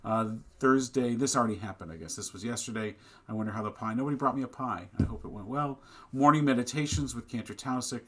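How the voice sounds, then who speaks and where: A man's voice: medium pitch, fast, fairly bright tone. A man serving as rabbi, giving announcements conversationally and then preaching a sermon with growing passion. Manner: plain and conversational in announcements, rising to impassioned preaching. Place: synagogue service, streamed online.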